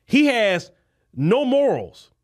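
Impassioned high-voiced man ranting. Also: very animated, takes it slowly. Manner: impassioned, repetitive, preacher-like cadence. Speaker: podcast host. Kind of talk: political commentary monologue. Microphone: podcast microphone.

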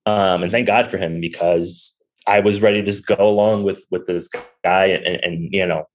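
A man's voice: low voice, fairly even intonation, normal speed, a little hiss or hum, rough recording. A young man, a podcast guest and restaurant owner, telling a personal story candidly with lots of fillers. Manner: candid, rambling, many fillers. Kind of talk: conversational storytelling.

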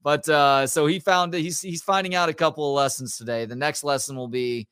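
A man's voice: fairly high pitch, a little fast, few pauses, smooth, no room sound, studio quality. A man, co-hosting a casual sports talk show and animatedly retelling stories about his kids. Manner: storytelling, animated retelling of family anecdotes. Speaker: podcast co-host.

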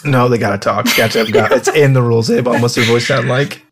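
A man's voice: mid-range voice, steady tone, fast, noisy background. A man running a casual tabletop role-play game, rambling and laughing as he describes characters. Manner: rambling, many fillers, laughing. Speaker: game runner reading the rules.

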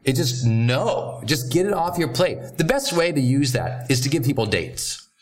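A man hosting a motivational training talk, coaching in a direct, emphatic way with quick asides. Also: mid-range voice, sing-song. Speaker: host and coach.

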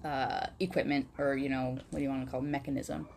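A woman's voice: rumbling low, little pitch movement, fast, creaky, darkish tone, a little hiss or hum. Chatty woman with a Wisconsin accent. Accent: Wisconsin, upper Midwest US. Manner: chatty, rambling, giggly, full of fillers. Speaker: podcast co-host. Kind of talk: casual podcast chat.

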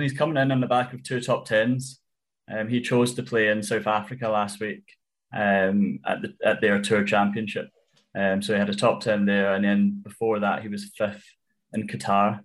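A man tipping golf bets in casual chat, analytical and measured with frequent ums. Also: on the low side. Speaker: golf betting tipster.

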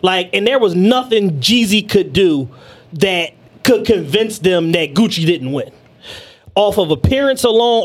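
A man co-hosting a podcast, giving his laid-back, profane opinions in casual chat. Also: high-pitched. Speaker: podcast co-host.

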